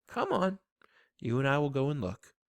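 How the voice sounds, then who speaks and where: A man reading a storybook aloud, voicing a calm, reassuring male preacher. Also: medium pitch, normal speed, vocal fry, dry recording, voice pushed up.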